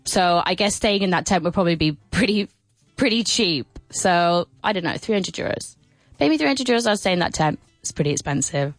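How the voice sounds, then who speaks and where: A woman's voice: on the low side, brisk, dry recording, faint music behind. A woman presenting a radio English lesson, playful and full of laughs, with exaggerated sing-song intonation on her questions. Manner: lively, playful, with many laughs. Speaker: English teacher and radio host. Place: radio studio.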